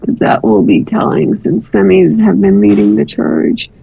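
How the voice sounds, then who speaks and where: A woman's voice: mid-range voice, normal speed, gravelly, mellow, lo-fi sound, a little hiss or hum. A woman trader chatting casually in a live trading room, teasing and laughing easily.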